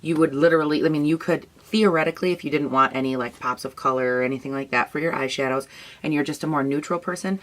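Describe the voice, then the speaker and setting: A woman's voice: low-pitched, fast, a bit bright. A young woman vlogger in a tired morning voice, chatting casually and rambling while reviewing makeup products. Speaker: beauty vlogger.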